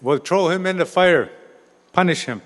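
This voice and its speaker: Eager village elders in an oral folk tale, as a storyteller puts them on, talking a little above his usual pitch in a plain, matter-of-fact way. The sound rings in a large hall. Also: normal speed, natural voice.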